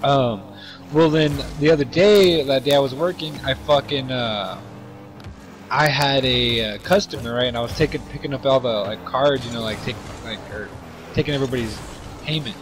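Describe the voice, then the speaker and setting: A man's voice: medium pitch, moderate pace, slight background noise. A young man telling a story in casual chat, rambling with lots of fillers and swearing.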